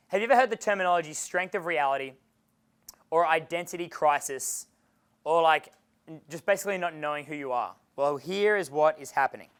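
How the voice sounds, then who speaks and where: A man's voice: a little high, a bit bright, clean tone. A male dating coach giving a live seminar lecture to an audience. He speaks casually and bluntly, swears often, and chuckles between points.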